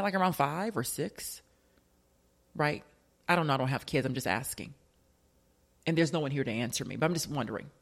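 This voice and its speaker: A radio show host in casual commentary, chatty and joking, firing off rhetorical questions. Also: medium pitch.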